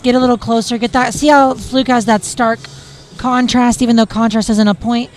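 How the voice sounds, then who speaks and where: A woman's voice: on the high side, steady tone, moderate pace. A woman doing live commentary on a competition, giving opinionated coaching-style critiques and teasing her co-host.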